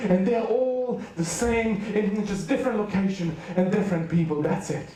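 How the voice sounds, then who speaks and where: Speaking to a youth rally, this man from Serbia delivers a joking, lighthearted sermon in a Serbian accent, his voice high and warm. His storytelling is playful, peppered with jokes and fast asides, captured by a distant mic in a hall with heavy echo.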